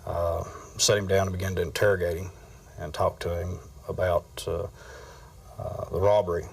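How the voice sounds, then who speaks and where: A man, a police officer, telling a story slowly with many pauses and uhs. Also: sits low, flat delivery, gravelly, recorded from a distance, slight background noise. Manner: halting, slow, many uhs. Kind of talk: interview anecdote.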